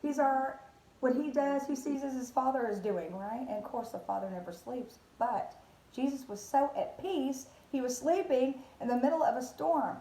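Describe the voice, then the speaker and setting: A woman's voice: high-pitched, moderate pace, mellow. A woman giving a casual devotional talk as a Christian vlogger, rambling with many fillers and restarts. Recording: roomy echo.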